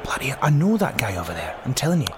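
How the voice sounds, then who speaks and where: A man's voice: mid-range voice, wildly swooping pitch, quick pace, background noise. An actor playing a blunt, sarcastic football club man, swearing constantly in a comedy audio drama.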